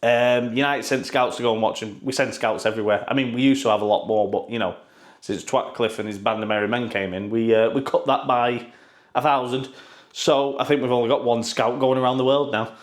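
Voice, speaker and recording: A man's voice: medium pitch, fairly even intonation, fairly quick. A man giving casual, sarcastic football news commentary, full of swearing and mocking asides.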